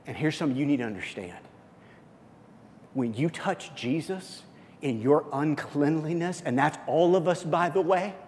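A man preaching a sermon as pastor, swinging from loud high bursts to low hushed lines. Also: slight background noise. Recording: long reverb of a church hall.

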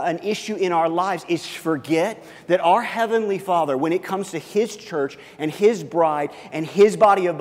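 Male pastor, slightly high pitch, delivers a chatty story-driven sermon in an echoing hall. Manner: storytelling with many restarts, shifting from loud to hushed.

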